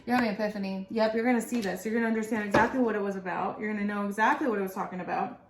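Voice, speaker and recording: A woman's voice: mid-range voice, fairly even intonation, rapid-fire, over music. A woman giving a casual pick-a-pile tarot reading, chatty and encouraging, talking straight to her viewers. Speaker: tarot reader. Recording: echoey room with faint background noise.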